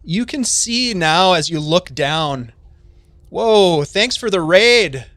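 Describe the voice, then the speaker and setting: A man's voice: high voice, animated, slow pace, fairly bright tone, dry recording. A man narrating a tabletop game on a live stream as game master, chatty and full of fillers.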